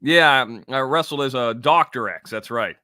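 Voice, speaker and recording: A middle-aged man who is a guest on a casual livestream chat, speaking haltingly with many stops and restarts. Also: mid-range voice, bright, forceful tone. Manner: halting, hesitant, lots of restarts. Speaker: guest, former wrestler.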